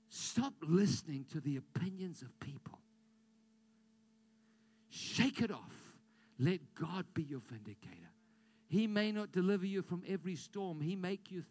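A man preaching a sermon as pastor, leading the congregation in call-and-response declarations and swinging between loud impassioned calls and hushed prayer. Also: high-pitched.

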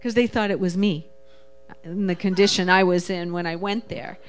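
A woman's voice: lowish voice, steady tone, moderate pace, clean tone, soft background music. Woman, middle-aged, personal storytelling, emotional, rambling, quoting others in voices. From Jewish family. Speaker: guest sharing her testimony.

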